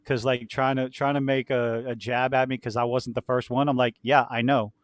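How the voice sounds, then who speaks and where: A man's voice: mid-range voice, flat delivery, brisk, clear, resonant tone, no room sound. A man co-hosting a casual podcast chat, from southern Louisiana, rambling, laughing often and swearing. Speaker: podcast co-host.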